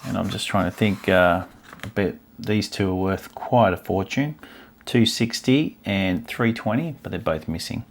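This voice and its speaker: In a low, creaky voice, a stamp channel host browses an old album and muses aloud in casual chat, easily pleased by what turns up. There's slight background noise.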